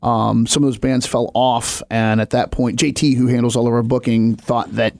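A man co-hosting a podcast in casual chat, quick with jokes and wisecracks. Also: medium pitch, flat delivery, gravelly, darkish tone, no echo, studio quality. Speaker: podcast co-host, musician.

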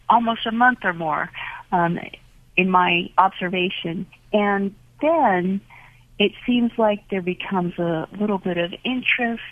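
Gentle woman on a tinny phone line. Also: medium pitch, dry recording. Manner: gentle, earnest, many fillers and pauses. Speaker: ministry teacher. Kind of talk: reflective talk. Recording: phone-line audio, dry.

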